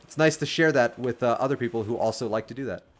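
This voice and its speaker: A man streaming a video game, chatting casually with lots of fillers and sudden excited outbursts. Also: mid-range voice, quick pace. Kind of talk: casual livestream commentary. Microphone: desk microphone.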